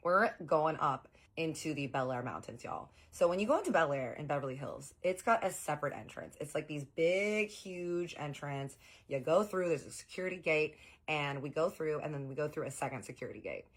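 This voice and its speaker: A young woman telling an animated, slangy story in a storytime vlog. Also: sits low, fairly quick.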